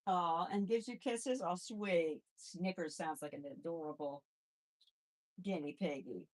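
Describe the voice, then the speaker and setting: A woman's voice: fairly low pitch, measured pace. A woman hosting a casual live chat, handling her pets and cooing to them in baby talk between replies to viewers. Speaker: live-stream host and rabbit foster carer.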